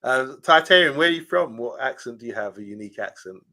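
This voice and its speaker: A man's voice: medium pitch, expressive, fast talker, bright, forceful tone. A man co-hosting a casual podcast chat, telling rambling stories full of fillers. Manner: chatty storyteller, rambling with fillers. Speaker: podcast co-host.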